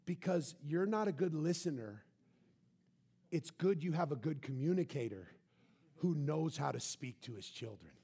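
A husky-voiced man preaching with emphatic swings from loud to soft. His voice sits a bit high for a man. He drives his points home with repeated phrases. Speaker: pastor. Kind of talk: sermon.

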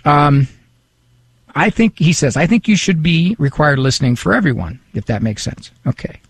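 A man's voice: fairly high pitch, animated, moderate pace, husky, dry recording. A man hosting a radio talk show in a studio, chatting casually and reading listener emails aloud with a self-deprecating humor.

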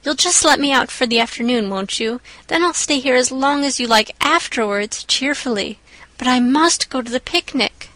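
A woman voicing an imaginative, dramatic young orphan girl who talks in breathless, earnest rushes. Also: high voice, bright, forceful tone, dry recording, poor audio. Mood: pleading. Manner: breathless, pleading then earnest.

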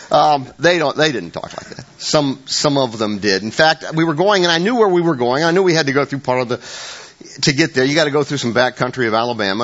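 The dull lo-fi recording captures an older pastor's mid-range, slightly bright voice in church. Preaching conversationally, he wanders through stories, restarting and correcting himself often, and pokes wry fun at himself.

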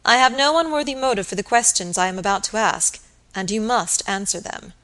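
Woman reading a grave young gentleman lawyer, formal and measured, Victorian storybook. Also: medium pitch, animated, lightly acted. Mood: earnest. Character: grave earnest young male barrister.

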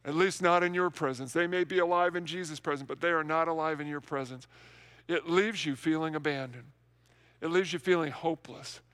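Pastor guy preaching easter sermon, kinda high voice, earnest, gets fervent, empty church. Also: a little fast, fairly bright tone, clean tone. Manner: earnest, repeats words for emphasis, rising to fervent. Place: large empty worship center.

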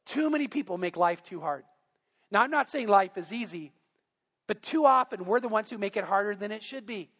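A man's voice: high voice, expressive, fairly quick, a bit bright, breathy edge, long reverb tail. A man preaching a sermon as pastor, talking to the congregation in a conversational way full of rhetorical questions. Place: church sanctuary.

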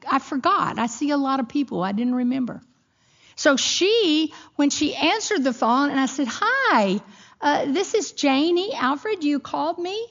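A middle-aged woman giving a sermon with a personal story, telling it expressively and acting out the voices in her quotes. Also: on the high side. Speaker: women's Bible teacher. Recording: dull lo-fi recording.

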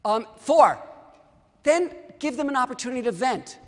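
High-voiced man telling a story in a hall. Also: moderate pace. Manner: lively storyteller who acts out the dialogue. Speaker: orthodontist. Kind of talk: storytelling talk to an audience.

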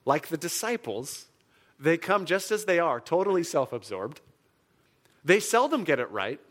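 A man preaching with a fairly high voice, in an easy, conversational manner. He talks with lots of fillers and restarts, and his voice leaps up in pitch and volume when he stresses a point. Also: a little slow. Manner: animated, jumps up in pitch and volume for emphasis. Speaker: pastor. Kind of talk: sermon.

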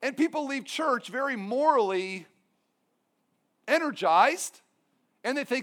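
A pastor with a strikingly high voice preaches a sermon with emphatic force. He mixes his points with humorous asides. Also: expressive, takes it slowly, pauses often, fairly bright tone.

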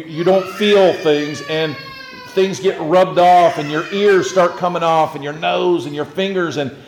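Male pastor, earnest sermon delivery with stumbles, a bit high-pitched, roomy reverb. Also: a little hiss or hum. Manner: swings from hushed to loud, earnest with frequent restarts.

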